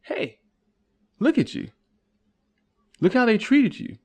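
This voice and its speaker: A man doing a pushy, high-pitched lecturer. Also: big pitch swings, slow pace, darkish tone, exaggerated voice. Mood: insistent. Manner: insistent, scolding. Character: pushy man lecturing someone on his identity.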